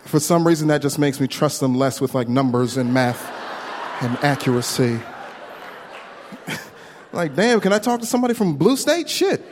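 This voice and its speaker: A man doing a stand-up comedy set, telling a story with quick voice impressions into a handheld stage mic at a live venue. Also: fairly high pitch, animated, a crowd in the background. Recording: long hall reverb, faint room noise.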